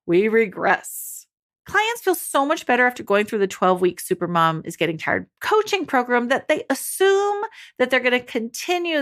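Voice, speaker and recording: A woman's voice: fairly high pitch, fairly bright tone. A woman life coach talking to mothers in a monologue, upbeat and encouraging, speaking straight to her listeners.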